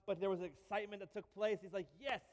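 A male pastor giving a sermon in a church, telling stories with lively humor and repeated phrases. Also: high-pitched, rapid-fire, long reverb tail. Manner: animated storytelling with repeats and humor.

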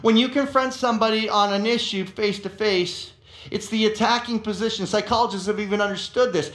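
A pastor with a notably high voice preaches a sermon, telling stories with animation and frequently repeating words as he doubles back. The sound has a roomy echo.

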